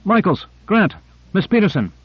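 A man's voice: a little high, lively intonation, moderate pace, husky, no echo, highs cut off, pitched above the performer's own voice. A man voicing a breathless ship pilot who gasps out reports after a shock. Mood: gasping.

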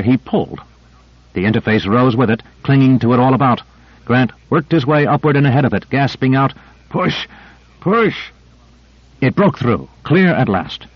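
A man narrates a novel in a steady, vivid storytelling manner. His voice is mid-pitched and even. The recording is dry and a little dull. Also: slightly rough, no room sound. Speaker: audiobook narrator. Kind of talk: scripted narration.

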